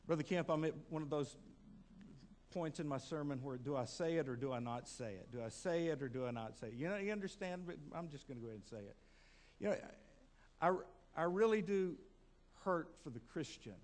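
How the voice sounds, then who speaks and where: A male pastor preaching a sermon in a conversational way, asking the congregation questions and repeating words to build emphasis. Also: fairly high pitch.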